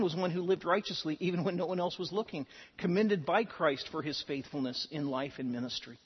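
Husky-voiced man preaching in a reverberant hall. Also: fairly high pitch, brisk, hardly any pauses. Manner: earnest preaching with dramatic emphasis. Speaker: pastor. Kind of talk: sermon. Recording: dull sound with long hall reverb.

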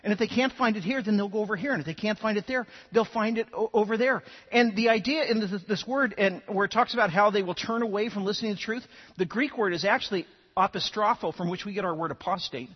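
A man's voice: high voice, fast talker, slightly rough, big-room sound, dull audio. A man preaching a sermon, telling stories and often repeating words as he starts sentences. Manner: animated storytelling, repeats words when starting. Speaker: pastor.

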